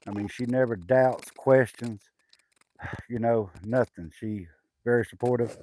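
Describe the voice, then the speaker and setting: A man's voice: medium pitch, a little slow, warm tone, a little hiss or hum. An older man with a Southern accent, chatting casually on a homestead live stream, rambling with lots of fillers and restarts. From Southwest Arkansas, USA. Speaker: homesteader livestreaming. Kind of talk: casual live-stream chat reading comments. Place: outdoors on a rural homestead.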